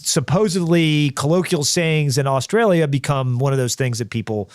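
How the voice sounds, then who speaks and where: A man co-hosting a podcast tells jokey stories in a somewhat high voice. The sound is dry, with no room around it. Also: moderate pace, dry recording. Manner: joking, storytelling. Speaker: podcast co-host. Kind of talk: podcast interview.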